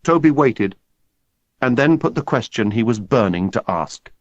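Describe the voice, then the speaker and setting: Expressive male audiobook narrator. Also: mid-range voice, no room sound, dull audio. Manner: expressive, measured storytelling. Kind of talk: scripted narration.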